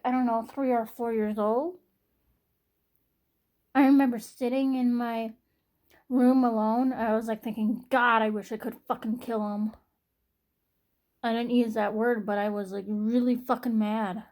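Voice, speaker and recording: Casual: young woman vlogging, kinda high voice, halting, repeats herself, sighs. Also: steady tone, dark tone. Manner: halting, repetitive, frequent sighs. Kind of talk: personal vlog monologue.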